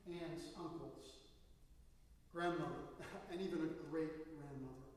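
A man's voice: fairly high pitch, slow pace, recorded from a distance. Man preaching in an echoey hall. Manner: storytelling, rising to emphatic bursts. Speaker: pastor. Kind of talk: sermon. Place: church sanctuary.

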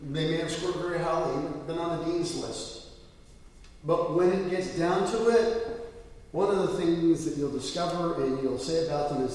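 Pastor preaching in an echoey hall. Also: male voice, fairly high pitch, moderate pace, darkish tone. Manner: conversational storytelling with fillers. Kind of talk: sermon. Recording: echoey church hall from far off.

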